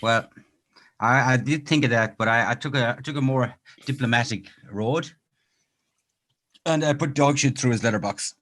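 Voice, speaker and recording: Dry sweary Philly-accented co-host. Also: male voice, medium pitch, moderate pace, a bit bright, dry recording. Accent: Philadelphia. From Philadelphia. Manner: dry, sweary, laughs easily. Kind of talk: casual live-stream chat.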